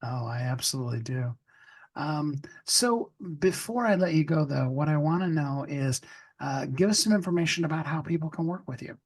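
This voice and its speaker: A man hosting an interview podcast, relaxed and reflective as he asks his guest questions. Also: fairly high pitch, moderate pace. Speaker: podcast host. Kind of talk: casual interview talk.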